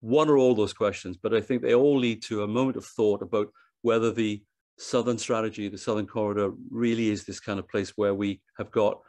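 A man speaking at a conference with a fairly low voice, working through his slides. He thinks aloud, restarts phrases and repeats words as he goes. The sound is dry and close, with almost no room echo. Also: fairly even intonation, a little fast, a little mellow. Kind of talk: presentation talk. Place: online event.

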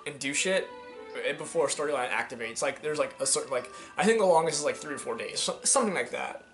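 A man's voice: fairly high pitch, animated, fast talker, fairly bright tone. Young man, from Georgia, rambling let's play chatter, swears, fillers, headset mic, game music behind. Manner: rambling, profane, many fillers. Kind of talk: casual gameplay commentary.

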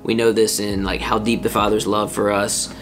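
A man giving a casual worship guitar lesson, counting beats out loud over his strumming. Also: lowish voice, flat delivery, moderate pace. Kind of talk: relaxed guitar lesson with sung examples. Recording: loud acoustic guitar under the voice. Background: acoustic guitar playing.

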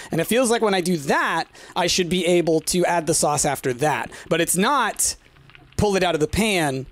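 With game music playing and slight background noise, this man sits high in pitch as he commentates his own playthrough let's-play style. Excitable and quick to mock himself, he addresses viewers head-on and keeps breaking into frustrated yelps.

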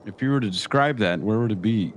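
A man's voice: fairly low pitch, animated, fast talker, close to an everyday voice. A man playing a male gambler in a game role-play, talking hesitantly with stammers. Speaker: role-player.

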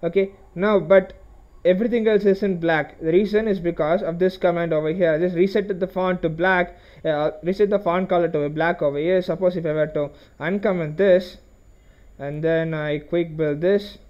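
A man's voice: high-pitched, steady tone, moderate pace, muffled recording. A man teaching a programming lesson over a screen recording, explaining step by step with frequent okays and restarts. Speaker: programming tutorial host.

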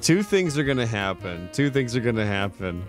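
A man rattles off thanks to his viewers in a loose, chatty live-stream voice, worn out yet cheerful and quick to laugh. His pitch sits in an ordinary middle range for a man. Faint music plays low behind him. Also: very animated. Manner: chatty and upbeat, laughs often. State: tired. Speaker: livestreamer. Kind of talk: casual live-stream chat, thanking subscribers. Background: faint background music.

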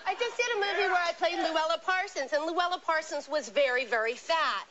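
A woman talk show guest bantering playfully, chatty and self-mocking with a drawn-out delivery. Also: very high voice, muffled recording, a loud crowd.

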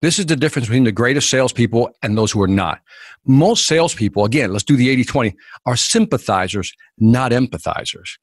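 A man telling sales stories in an interview, energetic and acting out quotes and scenes, with a husky voice. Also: medium pitch, a little fast, no echo. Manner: energetic, acts out quotes and scenes, drops voice for dialogue. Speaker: sales speaker, interview guest. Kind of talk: animated storytelling in a podcast interview.

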